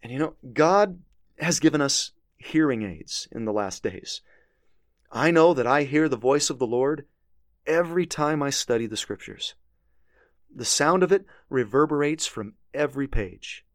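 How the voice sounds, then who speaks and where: A man's voice: medium pitch, animated, measured pace, dry recording, clean studio sound. Earnest man teaching scripture. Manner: earnest, emphatic reading of scripture. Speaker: religious teacher. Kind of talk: scripture lesson commentary.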